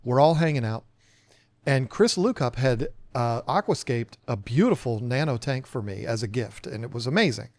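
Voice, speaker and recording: A man co-hosting a podcast, telling a self-deprecating story in a casual, animated way and acting out the dialogue. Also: medium pitch, normal speed, dry recording. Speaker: podcast co-host.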